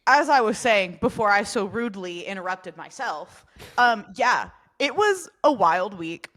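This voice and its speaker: A young woman co-hosting a podcast, chatting casually and teasing her co-host. Her voice sits at a middling pitch. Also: big pitch swings, unhurried, a bit bright. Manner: playful, teasing. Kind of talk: casual chat. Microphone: podcast mic with touch mute button.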